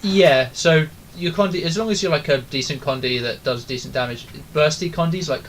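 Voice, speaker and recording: A man's voice: a little high, fairly quick, slight background noise, rough recording. Man leading a raid over voice chat. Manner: instructive, many ums and likes. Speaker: raid leader. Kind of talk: casual voice chat while gaming.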